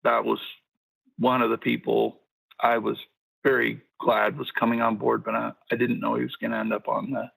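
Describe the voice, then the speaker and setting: A man calling in to a talk show in casual chat, with a measured, agreeable manner. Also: medium pitch, level tone, vocal fry, fairly bright tone, breathy edge, dry recording, poor audio. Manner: measured, agreeable, many "yeah"s. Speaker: caller.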